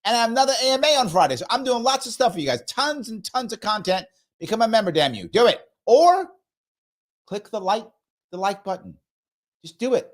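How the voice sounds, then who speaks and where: This livestream host speaks in a high, sing-song voice at a fairly quick clip. He chats casually, reads viewer comments out loud, and playfully begs his audience, repeating himself for effect.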